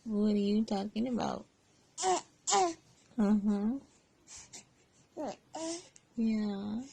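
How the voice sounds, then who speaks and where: A woman as a mother talking to her baby in gentle, sing-song baby talk at home. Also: mid-range voice, fairly even intonation, extremely slow, creaky, long pauses, a little hiss or hum.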